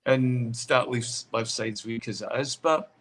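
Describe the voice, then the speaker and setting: A man, a podcast co-host, giving animated football opinions with lots of fillers in casual chat. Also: mid-range voice, a little slow.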